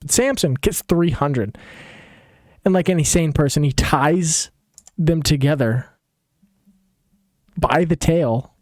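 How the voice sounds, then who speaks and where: A man's voice: fairly high pitch, slow pace, long pauses, darkish tone, no room sound, clean studio sound. A man retelling a story in a casual, comedic way, sarcastic and rambling with restarts.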